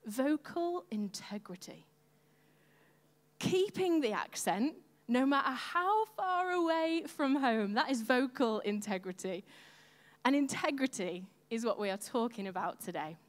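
Lively woman leading a church service. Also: high voice, measured pace. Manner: lively, chatty and upbeat. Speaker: church leader. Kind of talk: sermon introduction. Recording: long hall reverb.

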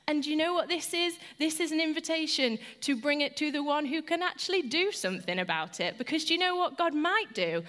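A woman's voice: high voice, animated, brisk, hardly any pauses, fairly bright tone. Woman doing a devotional talk, earnest and personal, easy conversational tone. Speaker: Christian speaker.

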